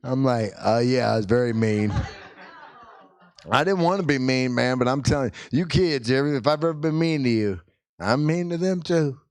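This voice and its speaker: A middle-aged man, a pastor, telling a funny family story from the pulpit, jumping into high excited yelps as he acts out what people said. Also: normal speed, dry recording. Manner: animated, acts out quotes with sudden high-pitched yelps. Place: church sanctuary.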